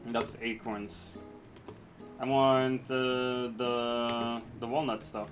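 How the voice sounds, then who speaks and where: A man's voice: medium pitch, little pitch movement, slow, faint music behind. A man streaming a video game, chatting casually with viewers, reading out chat and joking around. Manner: playful, jokey, reads chat aloud.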